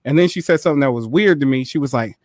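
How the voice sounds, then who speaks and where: A man co-hosting a podcast, telling a story in a casual, animated way, full of profanity and quick laughs. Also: mid-range voice, dry recording, clean studio sound. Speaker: podcast co-host.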